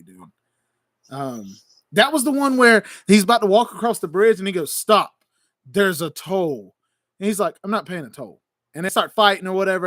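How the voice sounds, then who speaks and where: A man hosting a call-in show in casual chat, excitable and laughing often, stumbling over his words. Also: high-pitched, no room sound, studio quality. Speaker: host.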